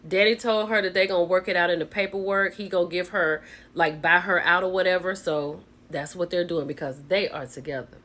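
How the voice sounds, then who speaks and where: A woman's voice: fairly low pitch, brisk. Gossipy woman recapping a show. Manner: animated and gossipy, keeps saying "child" and "baby". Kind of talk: casual reality-show recap commentary.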